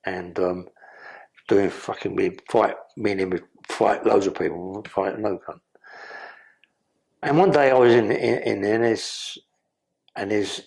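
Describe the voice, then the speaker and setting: Gravelly man telling stories. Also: on the low side, a little mellow. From London. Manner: rambling, heavy swearing, street slang. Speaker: podcast guest. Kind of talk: casual storytelling.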